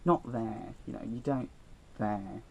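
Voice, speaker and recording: A man's voice: fairly low pitch, takes it slowly, creaky, slight background noise, poor audio. Teen boy, chatty storytime vlog, rambling, self-deprecating. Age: teens. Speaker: vlogger.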